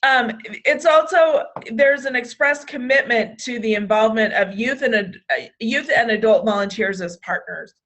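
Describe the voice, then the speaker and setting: A woman's voice: on the high side, normal speed, fairly bright tone. A woman presenting a staff training session, restarting phrases often, with hiccups now and then. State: has hiccups. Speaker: state program trainer.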